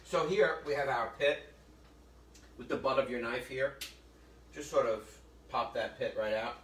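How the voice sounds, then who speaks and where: A man's voice: mid-range voice, unhurried, fairly bright tone. Chatty male chef in a roomy kitchen. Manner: chatty, joking, addresses viewers as folks. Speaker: chef hosting a cooking demo. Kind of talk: live cooking demonstration with storytelling. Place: kitchen or library demo room. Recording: roomy, distant mic with faint noise.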